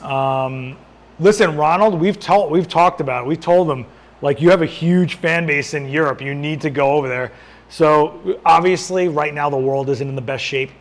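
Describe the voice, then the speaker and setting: A photographer hosts a casual live-stream Q&A, answering viewer questions as he adjusts his lights. His fairly high voice moves at a moderate pace but sounds worn and hoarse, as if he's losing it.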